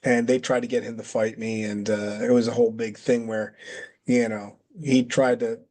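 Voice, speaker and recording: A man's voice: medium pitch, flat delivery, moderate pace, mellow. A man guest in a casual interview, telling a long story with many restarts and acted-out quotes. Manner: rambling, restarts, acts out quotes. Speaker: interview guest, former wrestler.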